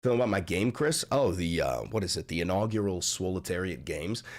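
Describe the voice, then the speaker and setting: A man hosting a political livestream, ranting loudly in a profane, mocking and combative way. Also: low voice, expressive, a little fast. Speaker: livestream host.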